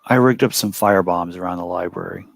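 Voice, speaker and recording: A man's voice: low-pitched, quick pace, gravelly, dry recording. Man, tabletop player, wry, playful, dry close sound. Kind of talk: tabletop game play.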